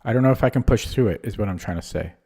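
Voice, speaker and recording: A young man on a home stream talks his way through chess moves in a loose, rambling way, poking fun at his own mistakes. His voice sits a little low with a mellow, soft-edged tone, picked up by a desk microphone. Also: rapid-fire, vocal fry, slightly rough. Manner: rambling and self-deprecating, thinking aloud. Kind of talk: casual livestream commentary while playing.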